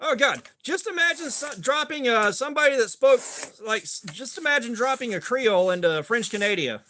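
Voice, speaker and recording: Middle-aged guy rambling on his stream, cussing a lot, pretty high bright voice. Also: lively intonation, brisk, a little hiss or hum. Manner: rambling and profane, with a lot of filler. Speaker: host. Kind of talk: casual livestream chat.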